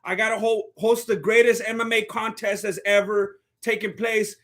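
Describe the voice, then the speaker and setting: Streamer host, young man, bright and edgy tone, rambles and restarts as he riffs on the fights. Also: high voice, flat delivery, moderate pace. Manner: rambling, joking, self-interrupting. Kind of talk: casual live-stream fight commentary.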